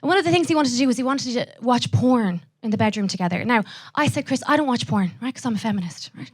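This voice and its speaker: A young Irish woman doing a live stand-up set, brash and profane, throwing quick asides to the audience. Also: on the high side, lively intonation. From Ireland. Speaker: stand-up comedian.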